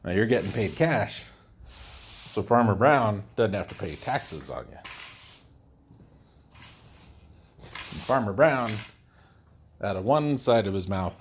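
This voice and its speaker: A fairly low-voiced man who talks casually while he works on a building project. His pitch swings widely as he rambles and gets outspoken, and he often jokes about himself. A faint background noise sits under his voice. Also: sing-song, slow pace, pauses often. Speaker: DIY builder host.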